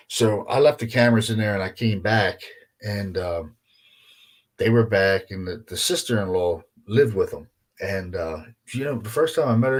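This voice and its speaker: A guest paranormal investigator on a podcast, this man has a somewhat low, breathy-edged voice. He rambles casually through his story, swearing freely and leaning heavily on fillers like "you know" and "man."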